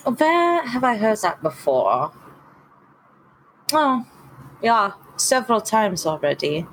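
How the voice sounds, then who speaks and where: A woman's voice: mid-range voice, very animated, slow, a little hiss or hum, rough recording. A woman playing a blunt outspoken vampire. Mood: confrontational. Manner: frank, confrontational, stammering.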